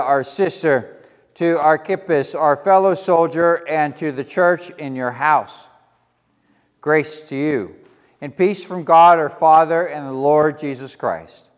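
A fairly high-voiced man gives a sermon in a church, leading a prayer and reading scripture. He stutters now and then and slips in casual, self-deprecating asides. His voice rings out with a long reverb through the sanctuary. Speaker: pastor.

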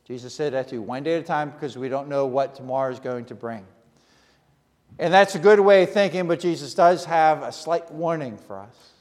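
Earnest preacher in a reverberant hall. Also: male voice, on the high side, a little mellow. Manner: earnest, speaks in short repeated phrases with pauses. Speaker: pastor. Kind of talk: sermon.

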